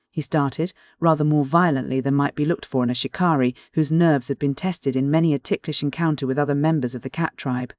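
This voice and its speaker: Dry, measured audiobook narrator. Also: mid-range voice, steady tone, a little mellow, no room sound. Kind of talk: scripted narration.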